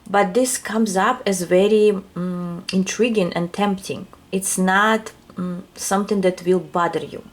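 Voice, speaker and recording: A woman's voice: mid-range voice, a little slow, hardly any pauses. A woman with a non-native English accent gives a casual tarot reading, musing aloud and searching for words. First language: not English. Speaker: tarot reader.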